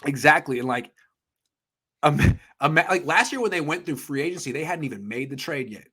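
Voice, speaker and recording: A man in his thirties hosting a sports talk show, a bit higher-pitched than most men. He rants with profane, emphatic bursts and pushes every point hard in heated sports debate. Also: lively intonation, brisk, bright, forceful tone, husky. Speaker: sports podcast host.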